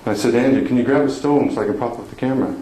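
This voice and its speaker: A man's voice: mid-range voice, very fast, a crowd in the background. A man, a motivational speaker, telling a personal story to an audience with laughing, self-deprecating humor and emotion. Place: conference hall before an audience. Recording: echoey hall with room noise.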